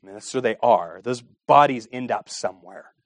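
A man preaching a sermon with impassioned delivery, asking rhetorical questions and swinging between hushed and raised passages. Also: medium pitch, animated, fairly quick, no room sound. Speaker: pastor.

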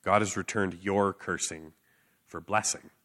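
Male preacher, lowish pitch, bright tense tone, earnest, emphatic, casual fillers. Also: fairly even intonation, measured pace. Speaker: street preacher. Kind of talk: sermon with personal story.

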